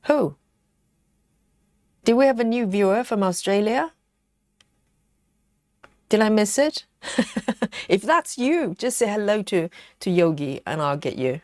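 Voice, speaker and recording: A woman hosting a relaxed live stream from home, chatting with viewers and reading their comments aloud, with plenty of ums and you-knows. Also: mid-range voice, slow pace, long pauses, no echo, clean studio sound. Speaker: livestream host. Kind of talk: casual live chat while stitching.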